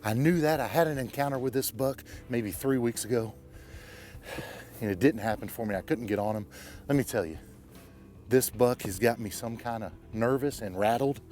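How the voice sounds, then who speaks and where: A man speaks at a normal pace in a medium-pitched, darkish voice, talking in the field about his bowhunt. Outdoors among the trees, he keeps his narration to brief, plain phrases, as on a hunting show.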